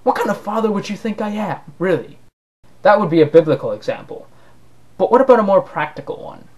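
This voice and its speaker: A man's voice: a little high, darkish tone. A man delivering an opinion monologue to camera in a sarcastic, argumentative way, rising now and then to indignant outbursts. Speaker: vlogger.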